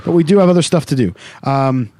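Fairly high-voiced guy co-hosting a podcast, chatty, swears a lot. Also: animated, dark tone. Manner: quick, chatty, swears freely. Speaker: podcast co-host. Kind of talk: casual banter.

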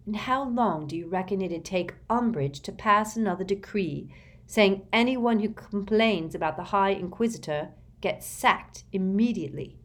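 A woman voicing a terse teenage boy who speaks flatly and curtly. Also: mid-range voice, moderate pace, voice pushed up, close to an everyday voice. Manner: flat, curt.

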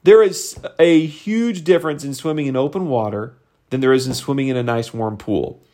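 A middle-aged sales team leader and coach gives his team a motivational talk at a moderate pace. He sounds conversational and animated, and his pitch leaps up whenever he wants to emphasize something.

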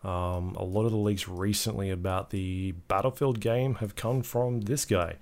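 A man co-hosting a podcast, chatting casually about game news with a relaxed, hesitant delivery and plenty of ums. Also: lowish voice, normal speed. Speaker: podcast co-host. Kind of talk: casual gaming news chat.

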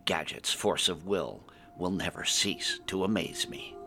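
A man's voice: sits low, measured pace, gravelly, pushed and bright, soft background music. A man narrating a fantasy adventure in the first person, reading it aloud expressively. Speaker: storyteller.

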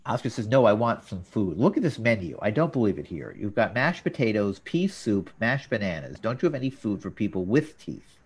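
A man hosting a casual talk show, recapping scenes and jumping into quoted lines with an animated delivery. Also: fairly quick, few pauses, husky. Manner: animated, jumps up in pitch for quoted characters. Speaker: podcast host.

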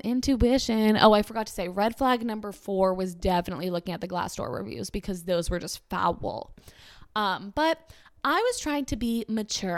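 A woman in her twenties casually telling a long personal story, rambling with lots of fillers and jumping into high, squeaky voices when she quotes people. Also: a little mellow, dry recording, studio quality. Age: 20s.

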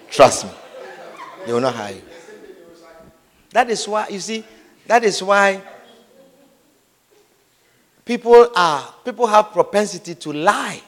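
A man preaching a sermon in a lively, humorous way, acting out little scenes, repeating phrases and often asking whether his listeners understand. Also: sits high, unhurried, pauses often. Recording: long hall reverb.

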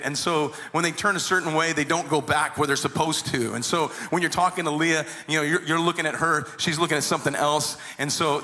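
A man preaching a sermon, retelling a story animatedly with many repeated words and restarts. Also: a little high. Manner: animated storyteller, acts out quoted voices. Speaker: pastor.

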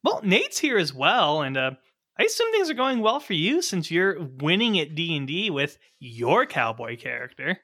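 A man's voice: on the high side, huge pitch swings, normal speed, pushed and bright, no echo. A man hosting and running the game, introducing co-hosts in upbeat, laughing banter. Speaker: host and dungeon master.

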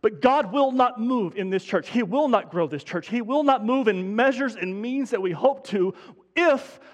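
With a very high-pitched, animated voice at a moderate pace, a man delivers a sermon as pastor in a church sanctuary. He is fervent, pushing toward urgent emphasis while often stumbling and restarting his words, and the recording carries a long church reverb.

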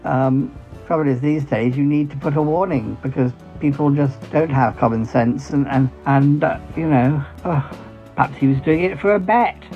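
A man's voice: medium pitch, moderate pace, lightly acted. A man voicing Bettina, a gushing, affectionate woman who calls everyone darling, in a comedy sketch. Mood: doting. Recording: dull lo-fi sound, faint music.

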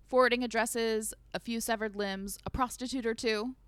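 A woman's voice: a little high, steady tone, normal speed, clean tone, no room sound, natural voice. A woman reading the lines of a cocky, reckless young man from a book, in a dry, mocking way. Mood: wry.

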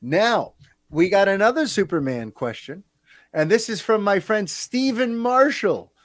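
A man's voice: high voice, unhurried, no room sound. A man hosting a podcast, talking casually and animatedly with plenty of fillers. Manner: animated, chatty, lots of fillers. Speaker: podcast host.

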